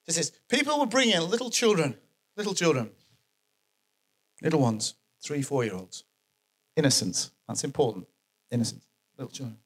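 A man preaching a sermon, animated and emphatic, repeating his key phrases for effect. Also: a little high, moderate pace, long pauses.

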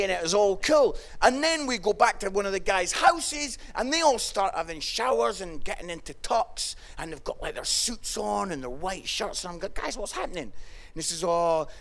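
A Scottish man preaching a sermon and telling stories, moving from hushed tones to loud exclamations. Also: sits high. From Scotland. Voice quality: gravelly, swings from hushed to shouting. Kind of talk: sermon with personal storytelling.

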